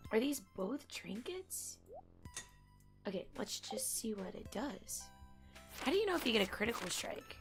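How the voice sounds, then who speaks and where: Woman streamer, casual rambling gamer chat, some vocal fry, faint music underneath. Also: on the high side, very animated, normal speed. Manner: chatty, rambling, reacts out loud to the game. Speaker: gaming streamer. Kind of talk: casual chat while playing a game. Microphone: headphones on.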